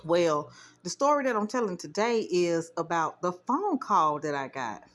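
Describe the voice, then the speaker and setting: A woman vlogger at home doing laundry, telling a story casually to her viewers in an indignant, animated way. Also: on the low side, measured pace. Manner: indignant, animated retelling with quoted dialogue.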